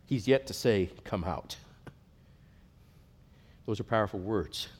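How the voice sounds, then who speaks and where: A man's voice: lowish voice, slow pace. Earnest male pastor preaching. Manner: earnest, swells loud then drops to a hush. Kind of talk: sermon.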